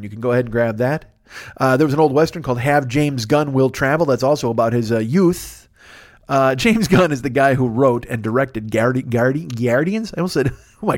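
A man in his fifties doing a rambling, profane, self-mocking solo comedy podcast from his apartment, talking into a microphone turned sideways. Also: mid-range voice. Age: 50s. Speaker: podcast host.

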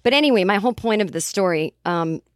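Animated woman telling a comic story. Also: mid-range voice, quick pace, no echo, studio quality. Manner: animated, acts out quoted voices. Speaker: podcast host. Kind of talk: casual comedic storytelling.

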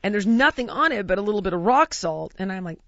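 A woman from the United States telling a long funny story in casual chat, animated and often laughing as she acts out what people said. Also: mid-range voice, fast, dry recording. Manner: animated, laughs through her own story, acts out quotes. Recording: dry, slightly dull lo-fi sound.

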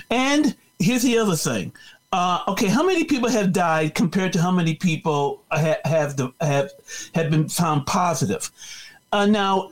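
A man, a guest on a talk show, speaks in a high, bouncing voice that swings up and down. He rambles, circles back and restarts his sentences, all in an easy, casual way. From Chicago South Side. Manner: animated, rambling, many fillers and restarts. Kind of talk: casual radio chat.

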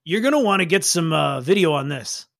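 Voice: medium pitch, very animated, brisk, vocal fry, fairly bright tone, no echo, studio quality. A game master voicing a big, grinning male thug with an amused, casual tone.

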